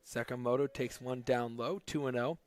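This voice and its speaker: A man's voice: steady tone, normal speed, smooth. Upbeat baseball play-by-play man. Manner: jokey, conversational between pitches. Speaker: play-by-play announcer.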